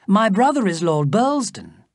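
A woman voicing a polite young English traveller who gives courteous, measured replies. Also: medium pitch, very animated, dry recording, clean studio sound, pitched above the performer's own voice. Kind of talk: storybook character voice.

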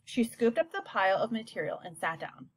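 A woman narrating a children's novel with an expressive, even-paced reading. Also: medium pitch, fairly quick, breathy edge, no echo. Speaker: audiobook narrator. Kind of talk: scripted storybook narration.

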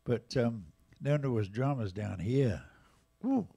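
A man in his eighties with an English accent, casually telling jazz stories at a live museum event, lively and animated in his retelling. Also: mid-range voice, slow pace, gravelly, breathy edge. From England. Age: 80s. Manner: lively, animated retelling with raised voices for quotes. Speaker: jazz drummer and storyteller guest. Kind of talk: casual anecdotal storytelling.

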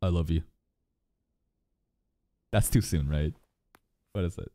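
A man giving live anime reaction commentary, excitable, swearing freely and bursting into shouts. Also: deep voice, slow.

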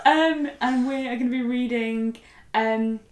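A woman's voice: fairly high pitch, a little slow, echoey room. A young woman co-hosting a book readalong, chatting casually with lots of fillers and giggles. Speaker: co-host of a book readalong channel. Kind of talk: casual chat.

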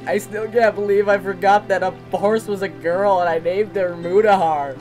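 A man's voice: high voice, fairly even intonation, normal speed, few pauses, darkish tone, faint music behind, rough recording. A young man giving casual, joking gameplay commentary with self-mocking asides and frequent giggles. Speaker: let's play commentator.

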